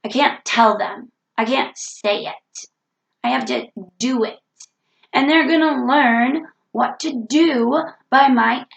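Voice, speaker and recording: A woman's voice: high voice, takes it slowly, gravelly, roomy sound, rough recording. A woman with a cold talking earnestly into the camera in a reflective self-help vlog, repeating her key points. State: has a cold. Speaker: vlogger.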